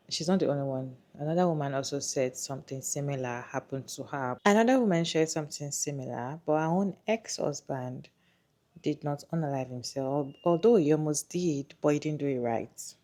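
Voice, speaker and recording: A woman hosts her channel with conversational narration, explaining each case between clips. Her voice is strikingly low. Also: fairly quick, darkish tone. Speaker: channel host. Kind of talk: commentary narration.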